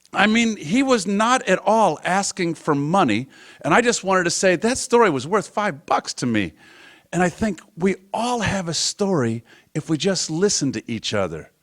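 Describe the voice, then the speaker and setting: A man performs a personal story for a live audience, his fairly high voice easy and conversational. He jumps up and down in pitch as he acts out each line of dialogue. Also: a bit bright. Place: museum event stage.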